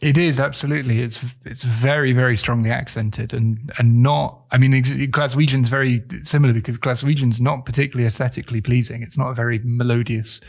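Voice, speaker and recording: A man co-hosts a casual podcast in an everyday mid-range voice. He reacts with lively, blunt jokes. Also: mid-range voice, a little fast, vocal fry, few pauses. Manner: animated, joking, blunt reactions. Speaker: podcast co-host. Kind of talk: casual educational chat.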